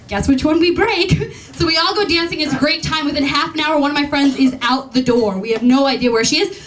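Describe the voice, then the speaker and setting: A young woman with a high, bright voice tells a funny personal story on stage. She is animated and laughs as she goes. The mic sits some distance away, so she sounds a little far off. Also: a little hiss or hum. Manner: animated, comic, laughs through lines. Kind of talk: live story slam telling. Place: stage at a live event.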